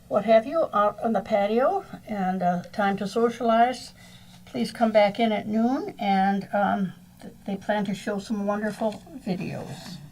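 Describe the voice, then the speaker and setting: A woman leading a church service, reading announcements in an unhurried way, with fillers and self-corrections. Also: medium pitch, darkish tone, poor audio. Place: church sanctuary during a livestreamed service.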